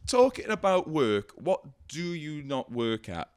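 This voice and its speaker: Lively chatty Welsh man hosting. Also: fairly high pitch, unhurried, clear, resonant tone. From Wales. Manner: chatty, laughs often, swears. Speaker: podcast host. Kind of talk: casual comedy podcast chat.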